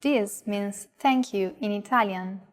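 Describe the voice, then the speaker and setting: A woman teaching Italian, modelling words with slow, careful, clearly articulated pronunciation. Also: mid-range voice. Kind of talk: pronunciation demonstration.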